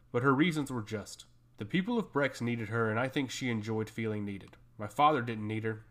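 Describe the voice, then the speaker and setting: A man narrating a first-person fantasy story in a steady, measured reading. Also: medium pitch.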